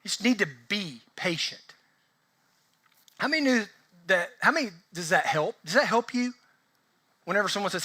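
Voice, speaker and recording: A man preaching a casual, conversational sermon as pastor, asking the congregation lively rhetorical questions. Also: high-pitched, moderate pace.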